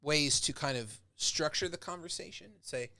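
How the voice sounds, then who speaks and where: A man's voice: fairly high pitch, normal speed, bright, forceful tone, no room sound, clean studio sound. A man, a professor, giving a casual lecture. He talks conversationally and acts out example speakers with growing intensity.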